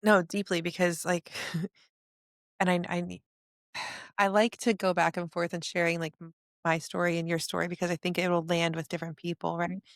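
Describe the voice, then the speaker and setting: A woman hosting a podcast, telling her story in earnest rapid bursts. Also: fairly low pitch, level tone, no room sound, clean studio sound. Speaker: podcast host. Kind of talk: casual conversation.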